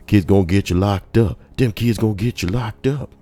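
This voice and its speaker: A man's voice: fairly low pitch, brisk, warm tone, soft background music. A man reading forum stories aloud with comedic commentary, crude and profane, full of jokey asides. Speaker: YouTube narrator reading forum posts.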